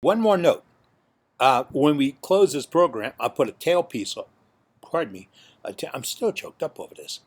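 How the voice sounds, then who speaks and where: A man's voice: medium pitch, big pitch swings, normal speed, slightly rough. A man hosting a woodturning club video, talking in a folksy, emphatic way and repeating his points. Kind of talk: casual video announcement.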